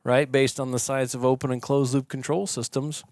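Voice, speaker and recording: Man, podcast guest, mid-range voice, animated explainer, casual, dry close recording. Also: mid-range voice, normal speed, dry recording. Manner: animated storyteller, acts out quoted yelling. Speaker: podcast guest, shooting instructor. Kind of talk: conversational explaining. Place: podcast studio.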